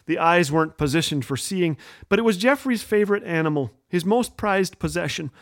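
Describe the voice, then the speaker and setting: A man's voice: high-pitched, brisk, dry recording, clean studio sound. A middle-aged man hosting a radio show, telling wry comic stories from a script. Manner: wry, animated storytelling with voiced quotes. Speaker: radio host and humor storyteller.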